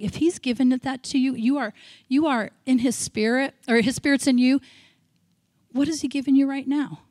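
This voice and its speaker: A woman's voice: sits high, moderate pace, darkish tone, dry recording, clean studio sound. A middle-aged woman missionary from the United States preaching in a church service, candid and self-deprecating, acting out her own past prayers. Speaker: missionary speaker. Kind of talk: sermon.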